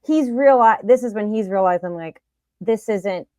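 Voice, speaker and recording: A woman talking as a podcast guest in casual chat, blunt and quick to agree and chime in. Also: mid-range voice, dark tone, no echo.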